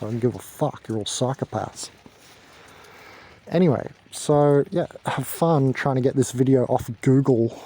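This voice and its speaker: A man's voice: mid-range voice, warm tone. A young man ranting to camera in a heated, profane, rambling way. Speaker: vlogger. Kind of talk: angry ranting monologue to camera.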